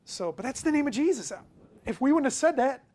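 This pastor's very high voice has lively intonation and a fairly quick pace as he gives a conversational sermon built around a personal anecdote. He swings from booming emphasis to quiet, offhand comments.

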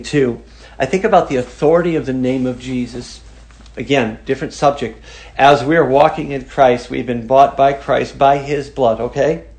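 A man preaching a sermon, reading scripture aloud and talking it through casually, moving from emphatic stress to quiet asides. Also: medium pitch. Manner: conversational, emphatic, shifts between loud and hushed.

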